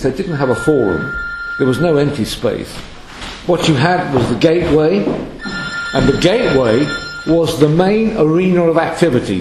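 Lively man lecturing on scripture. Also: mid-range voice, roomy sound, noisy background. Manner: reads Hebrew verses then translates and explains. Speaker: Bible lecturer.

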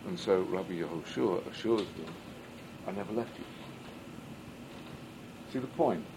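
A man's voice: low voice, unhurried, creaky, background noise. A man teaching a Midrash class as a rabbi, reading Hebrew and then translating it, and asking rhetorical questions that he answers himself. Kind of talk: Midrash study lesson.

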